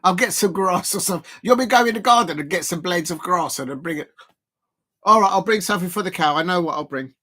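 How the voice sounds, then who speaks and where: A man's voice: sits high, fast, pushed and bright. Rambling man hosting a football watch-along. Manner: rambling, hesitant, full of fillers.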